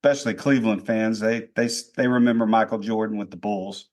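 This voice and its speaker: A man's voice: fairly low pitch, steady tone, a little mellow. Easygoing man co-hosting a chat. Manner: easygoing, quick laughing reactions. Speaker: podcast co-host. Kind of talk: casual chat.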